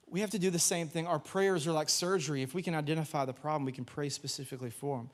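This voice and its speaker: A young man preaches from a church stage with a slightly high voice. He tells stories in an animated way, acting out the voices and shouting out the quotes. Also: fast. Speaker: pastor. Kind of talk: sermon. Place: church sanctuary.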